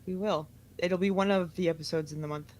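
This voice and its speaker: A man co-hosting a casual podcast chat, mostly quiet, chiming in with short agreements. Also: sits high, steady tone, a little fast. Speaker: podcast co-host.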